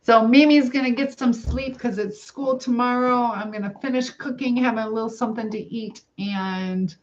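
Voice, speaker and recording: Her voice runs a little high yet darkish, with fairly even intonation and normal speed, as the middle-aged Southern woman rambles on her casual cooking stream and reads viewers' comments out loud. Dull, lo-fi livestream audio.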